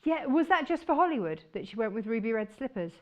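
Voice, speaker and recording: A woman's voice: a little high, sing-song, fast talker, dull audio. A woman presenting fabrics on a shopping channel, chatty and enthusiastic. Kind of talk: chatty live sales presentation.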